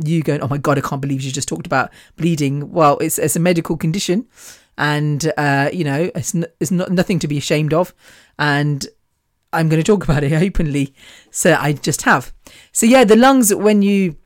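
A woman's voice: fairly low pitch, no echo, clean studio sound. A woman hosting her own podcast, talking bluntly and defiantly in a chatty monologue, laughing often. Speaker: podcast host. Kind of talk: casual monologue.

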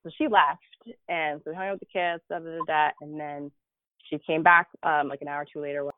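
A woman's voice: deep voice, brisk, no echo. Chatty woman over a tinny line. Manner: animated, laughing, chatty with many fillers. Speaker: guest. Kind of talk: storytelling in a conversational interview. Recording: tinny phone-like dry remote audio.

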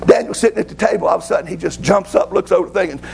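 Gravelly preacher telling stories. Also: male voice, sits high, very fast, slight background noise, low-quality recording. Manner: folksy, excitable, colloquial. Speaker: pastor. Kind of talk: sermon storytelling.

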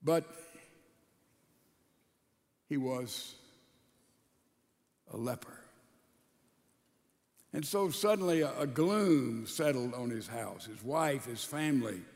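A man's voice: medium pitch, animated, slow, long pauses, a little mellow. A man preaching a sermon, retelling a scripture story in a folksy way and acting out the characters' words. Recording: long hall reverb.

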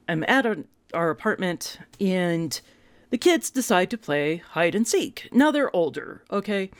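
Animated woman in her fifties telling stories. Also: lowish voice, dry recording. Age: 50s. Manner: animated, self-mocking, voice jumps up for punchlines. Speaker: vlogger. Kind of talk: comic personal storytelling.

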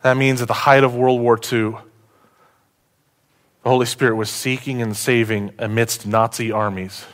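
A man preaching a sermon as a pastor. He asks the congregation questions and swings from loud, excited points to hushed, earnest ones. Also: medium pitch, normal speed.

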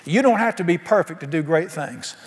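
High-voiced preacher in a reverberant hall. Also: male voice, expressive, brisk, breathy edge. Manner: emphatic, asks the congregation questions. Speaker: pastor. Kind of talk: sermon. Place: church sanctuary.

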